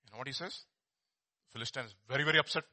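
A man preaching a sermon as a pastor, animated, swinging from soft asides to loud exhortation, repeating words and asking rhetorical questions. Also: mid-range voice, very fast.

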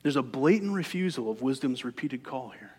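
A man's voice: medium pitch, animated, brisk, darkish tone, husky. Man preaching in a reverberant hall. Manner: conversational preaching with rhetorical questions. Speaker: pastor. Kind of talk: sermon.

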